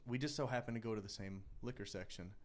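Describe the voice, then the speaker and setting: A man's voice: on the low side, quick pace, slight background noise. A man co-hosting a podcast, rambling through a story in casual banter with lots of restarts. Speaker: podcast co-host.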